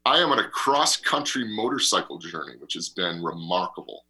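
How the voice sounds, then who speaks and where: A man co-hosting a radio talk show, telling a rambling travel story in an animated way and laughing often. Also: sits low, a little fast, breathy edge. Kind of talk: casual chat and travel storytelling.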